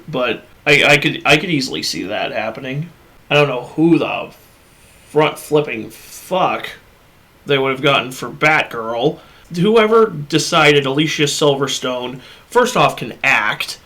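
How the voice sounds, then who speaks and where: Bright-voiced man ranting bluntly. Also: a little high. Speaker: podcast host. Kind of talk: casual movie discussion. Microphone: USB podcast microphone.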